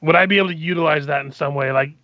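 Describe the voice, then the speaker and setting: A man's voice: a little high, rapid-fire, no echo, muffled recording. A man playing a tabletop game casually, rambling with lots of filler words. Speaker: player.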